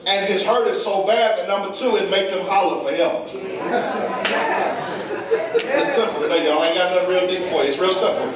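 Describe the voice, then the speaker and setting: A high-pitched preacher talks a little fast with frequent pauses, calling out to his congregation as his call-and-response sermon builds into shouts. Recorded with a distant mic in an echoey church sanctuary, the loud crowd answers him throughout.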